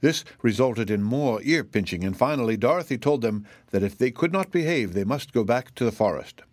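A man reading a children's storybook aloud as narrator, in a steady, clear manner. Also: mid-range voice, brisk, dry recording. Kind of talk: audiobook reading.

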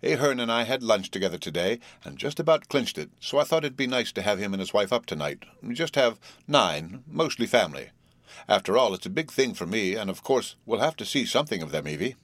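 A man's voice: fairly low pitch, big pitch swings, a little fast, a bit bright, no echo. A man playing a jovial, slightly tipsy middle-aged businessman who talks in a hearty, coaxing, stubborn way.

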